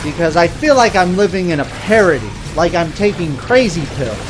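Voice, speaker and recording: A man's voice: high-pitched, very animated, normal speed, over music. A man playing an exasperated, profane caller. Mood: bewildered. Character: fed-up male caller complaining about life.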